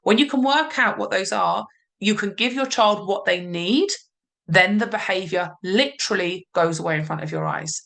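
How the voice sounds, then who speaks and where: A woman parenting coach explaining calmly in a podcast conversation, sometimes voicing what a parent or child might say. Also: medium pitch, normal speed, vocal fry. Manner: calm, explanatory, acts out parent and child lines.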